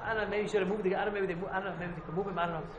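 A man's voice: sits high, fairly even intonation, rapid-fire, muffled recording, heavy background noise. A man teaching a casual Talmud class to a few students, rambling and repeating himself as he explains. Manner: rambling, repeats and hedges often. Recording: echoey room.

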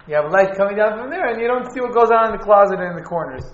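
A man teaching an informal class on Jewish law, halting and restarting as he explains. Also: sits high, lively intonation, a little hiss or hum. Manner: halting, restarts, Hebrew and Yiddish terms. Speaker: Torah teacher. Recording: echoey, dull room recording.

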